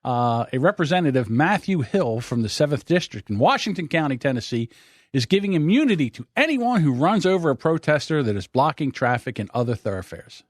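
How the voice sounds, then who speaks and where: A man's voice: fairly high pitch, big pitch swings, a little fast, no echo, studio quality. A man hosting a casual podcast chat, joking and teasing, often breaking into laughs. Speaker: podcast host.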